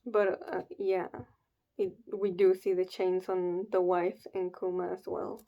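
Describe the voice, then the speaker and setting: A woman hosting a comic reaction video, reading panels aloud and reacting in a hesitant, casual way with soft sighs. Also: fairly low pitch, little pitch movement, slow pace, lo-fi sound.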